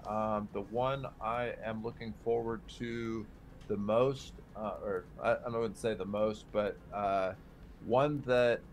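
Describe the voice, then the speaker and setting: Low voiced guy breaking down a fight card, lots of ums, faint room noise. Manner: hesitant, heavy on ums and uhs. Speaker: podcast co-host. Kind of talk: casual sports betting analysis.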